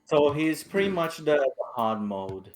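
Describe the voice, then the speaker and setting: A man's voice: a little high, big pitch swings, measured pace, crowd noise. A young man co-hosting a casual game chat, blunt, swearing and laughing through his lines. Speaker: co-host.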